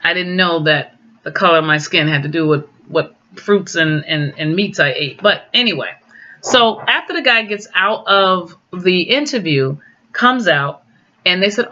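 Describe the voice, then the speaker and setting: A middle-aged woman telling personal stories casually, acting out quoted dialogue with big jumps in pitch. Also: expressive, measured pace, sharp tone. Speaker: guest sharing personal stories. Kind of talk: casual storytelling. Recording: dull lo-fi recording.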